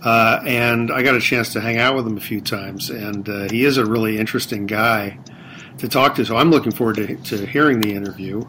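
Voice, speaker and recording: A man interviewing a podcast guest in a relaxed, chatty way, with plenty of "uh" fillers. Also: lowish voice, brisk, slight background noise. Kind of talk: casual interview chat.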